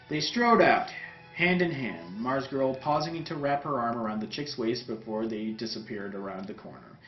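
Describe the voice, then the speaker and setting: Host reading fanfic for laughs, very lively pitch, roomy echo. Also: male voice, normal speed. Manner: animated, wry delivery. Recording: roomy, dull sound, faint music.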